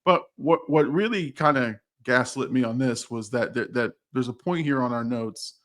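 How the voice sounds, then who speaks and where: A man co-hosting a casual podcast, telling animated stories full of quoted dialogue, with frequent restarts. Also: medium pitch, normal speed. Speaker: podcast co-host, HR professional. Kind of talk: casual chat.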